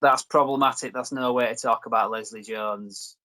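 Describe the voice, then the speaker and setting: A man's voice: medium pitch, steady tone, moderate pace, bright, forceful tone, no echo, rough recording. A young man hosting a review video, rambling and joking in casual chat. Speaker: reviewer and host.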